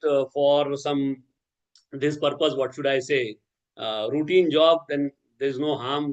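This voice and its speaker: A man's voice: mid-range voice, lo-fi sound. A man giving an academic lecture, talking in a discursive way with many fillers, restarts and a habitual "okay".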